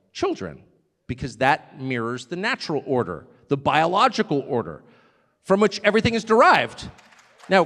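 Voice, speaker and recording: A man's voice: sits high, fairly bright tone, in a large hall. A man giving a conversational live speech to an audience, full of sarcastic asides and laughter. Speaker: speaker at a live event.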